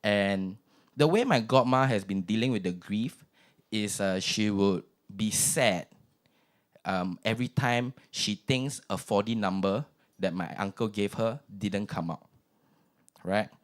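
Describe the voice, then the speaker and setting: A man's voice: on the low side, measured pace. A young man with a Singaporean accent hosting an open mic, chatty and self-mocking. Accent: Singaporean English. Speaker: comedy open mic host. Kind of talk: stand-up comedy.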